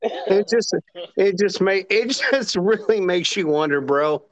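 A podcast co-host chatting casually and joking. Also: mid-range voice. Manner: slow, lively, joking. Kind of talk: casual chat.

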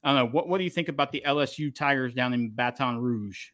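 A man hosting a podcast, giving opinionated, animated takes in casual chat. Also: mid-range voice, fast talker, dry recording, studio quality. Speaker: podcast host.

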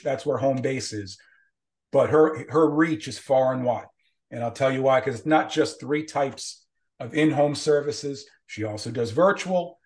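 A man's voice: medium pitch, darkish tone. Male interview host, mid-range voice, repeats words while framing questions. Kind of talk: casual interview chat.

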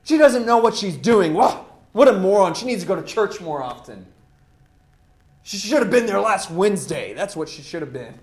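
A man's voice: sits high, expressive, moderate pace. A man voicing scornful, gossiping churchgoers who mock an outsider, in a roomy echo. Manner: scornful, mocking.

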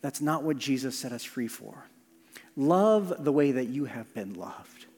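A middle-aged male pastor preaching a sermon, shifting from loud emphasis to hushed near-whispers. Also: mid-range voice, lively intonation, measured pace. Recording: long hall reverb.

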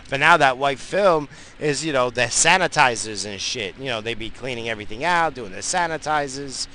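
Brief: New guy, dad, heated swear-heavy car rant, forceful bright tone, faint road hum. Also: mid-range voice, lively intonation, normal speed, few pauses, poor audio. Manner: profane, blunt, heated. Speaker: father vlogging while driving. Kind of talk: rambling casual rant. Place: in a moving car.

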